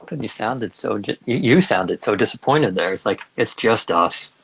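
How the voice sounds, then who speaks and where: A man's voice: fairly low pitch, lively intonation, normal speed, vocal fry, a little hiss or hum, low-quality recording. A young man co-hosting a podcast in casual chat, enthusiastic and chatty, stumbling through restarts. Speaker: podcast co-host.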